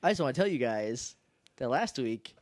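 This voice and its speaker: With a mid-range voice that swings widely in pitch, a man co-hosts a casual podcast at a moderate pace, sounding a little nasal and stuffed up. He rambles and laughs often, and the clean studio sound has no room noise.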